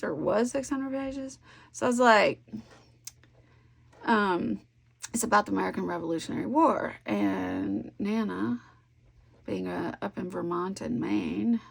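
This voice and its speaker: A woman chatting casually to camera as she works on a scrapbook layout, telling stories in a friendly, rambling way with quiet asides. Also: mid-range voice, vocal fry. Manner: chatty, warm storytelling with soft asides. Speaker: scrapbooking vlogger. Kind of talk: casual chat while crafting.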